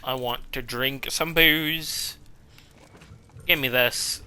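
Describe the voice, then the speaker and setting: A man streams a game live on a desk microphone, chatting casually, cursing freely, and talking back to the on-screen characters. His medium-pitched voice is slow, bright, and forceful with fairly even intonation, and there's a little hiss or hum.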